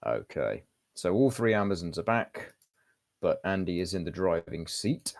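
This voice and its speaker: A man's voice: deep voice, sing-song, normal speed, a little mellow. A man giving casual, chatty game commentary, thinking aloud as he goes.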